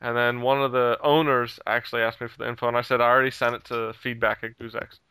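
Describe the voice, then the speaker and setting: Talking fast in a medium-pitched voice that's flat in delivery yet pushed and bright, a man recounts a heated story in casual chat. He swears freely and laughs at his own tale; the sound is smooth, with no echo.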